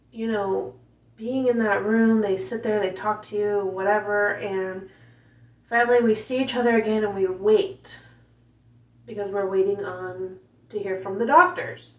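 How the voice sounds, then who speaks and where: A woman telling a painful personal story in a casual way, softly and emotionally, with many fillers. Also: a little high. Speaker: mother telling her story. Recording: roomy, distant, dull home recording.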